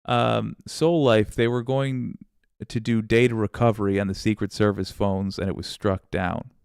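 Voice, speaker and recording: A man's voice: on the low side, steady tone, moderate pace, vocal fry, a little mellow, clear, resonant tone, no room sound, clean studio sound. A man hosting a political livestream, casually reading viewer comments with sarcasm, frequent swearing and laughter. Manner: rambling, sarcastic, swears freely, laughs often.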